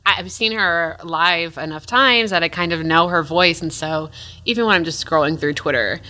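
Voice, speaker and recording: A woman co-hosts a podcast and chats with plain enthusiasm. Her low-ish voice has a bright, forward edge. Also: normal speed. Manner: enthusiastic, chatty. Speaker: podcast co-host. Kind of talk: casual chat.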